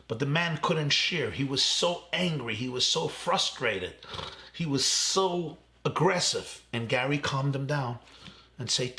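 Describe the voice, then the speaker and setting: A man's voice: mid-range voice, lively intonation, a little slow, bright, forceful tone. A male rabbi telling a vivid story in a speech to college students, quoting the people in it.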